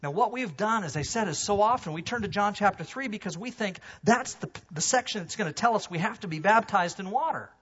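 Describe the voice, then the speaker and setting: A man preaching a sermon to his congregation, animated, swinging from loud emphasis to hushed low asides. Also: fairly quick, hardly any pauses, breathy edge, muffled recording. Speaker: pastor. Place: church sanctuary.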